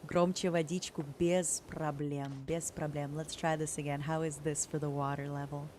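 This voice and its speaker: A young woman streaming, chatting gently and slowly in a soft, cozy way. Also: low voice, flat delivery, slight background noise. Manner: gentle, talks slowly and softly.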